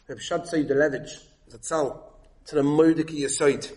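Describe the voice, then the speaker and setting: High-voiced man giving an emphatic sermon. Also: moderate pace, warm tone, roomy sound. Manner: emphatic, rising to high pitch when voicing quoted figures. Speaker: rabbi giving a talk. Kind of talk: Torah lecture with Yiddish-inflected Hebrew terms.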